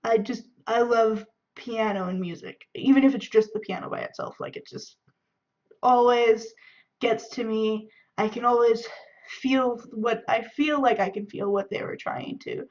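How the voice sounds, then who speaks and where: A woman's voice: a little high, measured pace. A young woman from the Bay Area of California, chatting and giggling as she answers questions in a casual video. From San Francisco Bay Area, California. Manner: chatty and giggly, acts out friends' shouting. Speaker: vlogger. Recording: dull lo-fi sound.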